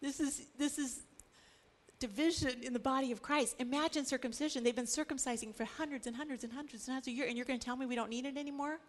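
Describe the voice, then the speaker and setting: A woman teaching a Bible study in a lively way, acting out the stories she tells. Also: sits high, fast talker. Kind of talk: animated scripture teaching.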